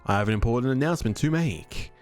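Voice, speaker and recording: Picture a proud, courtly old gentleman chef, voiced by a man, holding court with grand formal announcements. His pitch rises and falls in lively swoops, and there is faint music behind him. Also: quick pace, natural voice. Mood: stately. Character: courtly, proud older male chef student.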